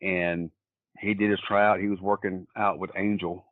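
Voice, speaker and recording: Low-pitched male interview guest, rambling storyteller, tinny phone-line sound. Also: flat delivery, moderate pace, no echo. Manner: rambling, plain-spoken storyteller. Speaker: wrestler guest. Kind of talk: casual anecdotal storytelling.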